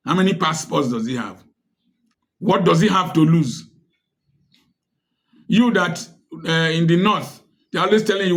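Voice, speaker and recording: A Nigerian man talks straight to his audience, pressing his point home with one rhetorical question after another. His voice sits a little high for a man, and he takes his time, leaning on each phrase with slow, preachy emphasis. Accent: Nigerian English. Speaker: commentator. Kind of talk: direct-to-camera social commentary.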